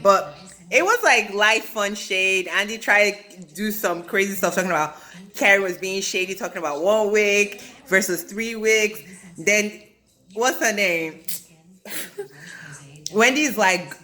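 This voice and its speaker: A woman's voice: mid-range voice, unhurried, bright, forceful tone. A woman recapping a reality TV reunion in a casual, gossipy vlog, with chatty asides. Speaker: reality TV commentator.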